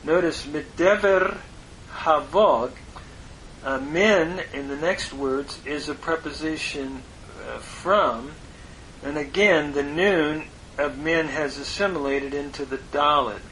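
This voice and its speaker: A man giving a slow, measured Bible lesson, parsing Hebrew grammar word by word. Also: on the high side, pushed and bright, slight background noise, rough recording. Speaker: Bible teacher.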